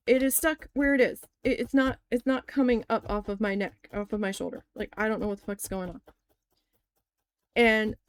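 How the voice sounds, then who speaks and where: A woman's voice: on the high side, no room sound. A young woman telling a story in a casual crafting vlog, candid and swearing freely, often saying "like".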